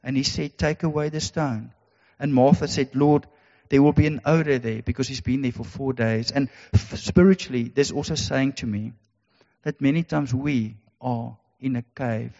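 A man's voice: medium pitch, fairly even intonation, normal speed, vocal fry, warm tone. A man preaching a sermon, earnest and repetitive, with emphatic rhetorical questions. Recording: dull sound in a reverberant hall.

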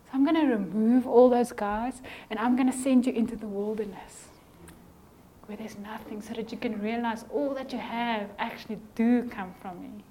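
A middle-aged woman preaching a conversational sermon in a church, animated and chatty, acting out little scenes and sometimes dropping her voice to a near whisper. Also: a little high, normal speed, a little hiss or hum. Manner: animated, conversational, acts out voices in quotes, drops to a whisper at times.

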